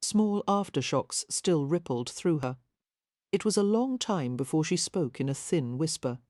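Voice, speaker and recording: Low, mellow woman narrating a romance. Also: expressive, a little slow, no room sound, studio quality. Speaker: audiobook narrator. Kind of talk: scripted narration.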